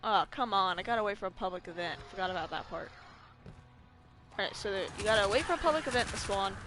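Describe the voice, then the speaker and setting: A woman's voice: mid-range voice, animated, quick pace, fairly bright tone, slight background noise. A young woman with a slight lisp from braces, chatting casually and swearing now and then while playing a video game. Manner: chatty, swears when frustrated. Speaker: gaming streamer. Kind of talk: casual gameplay commentary. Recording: music playing behind.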